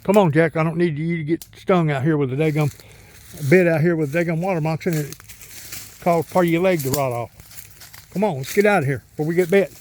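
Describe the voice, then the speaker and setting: Middle-aged man, rambling country storyteller, voice a bit high, vlogging outside. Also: brisk, darkish tone, slight background noise. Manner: rambling folksy storytelling, talks to his dog. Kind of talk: casual outdoor vlog. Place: outdoors in the countryside by a pond.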